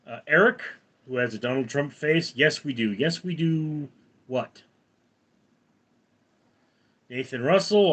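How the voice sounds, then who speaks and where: A man's voice: mid-range voice, fairly bright tone. A man in his forties hosting a live stream, reading out viewer comments and rambling in reply. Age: 40s. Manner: rambling, reads viewer comments aloud and answers them. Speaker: livestream host.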